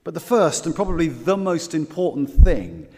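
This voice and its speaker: A man preaching a sermon, earnest, dropping his voice low on key words. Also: big pitch swings, normal speed. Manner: earnest, varies loudness for emphasis, drops low on key words. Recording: long reverb of a large hall.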